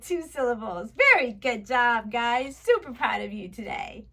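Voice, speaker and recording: A woman's voice: a little high, very animated, measured pace, fairly bright tone. A woman teacher running a mock lesson for young children, upbeat and encouraging, full of exaggerated praise. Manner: chatty and candid when talking to her viewers. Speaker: teacher applying as online tutor.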